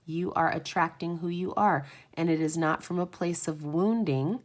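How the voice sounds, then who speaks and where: A woman's voice: on the low side, steady tone, moderate pace. A woman hosting a live oracle card reading, effusive and encouraging, often exclaiming.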